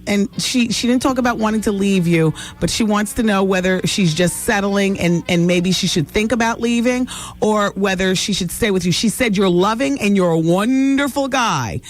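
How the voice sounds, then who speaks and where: A woman's voice: mid-range voice, moderate pace. A woman hosting a call-in radio advice show, talking to callers in a direct, blunt way. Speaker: radio talk show host.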